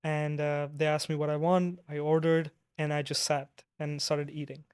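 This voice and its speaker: A young man hosting a podcast, speaking in a soft, steady, thoughtful way as he shares stories with his guest. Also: a little high, moderate pace, smooth. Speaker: podcast host. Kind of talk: conversational podcast interview.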